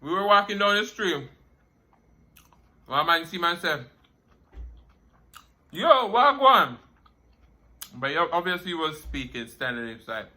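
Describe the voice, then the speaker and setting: A young Jamaican man with a fairly high, sharp voice talks at a normal pace as a food vlogger, casually swapping stories while he eats. He laughs a lot and drifts into Patois during this relaxed mukbang chat.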